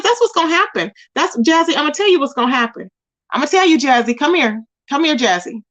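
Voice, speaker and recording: In a dull lo-fi recording, a woman hosting her commentary channel rants confrontationally at someone, repeating their name as she scolds them. Her high voice is fast and fairly bright, with lively intonation.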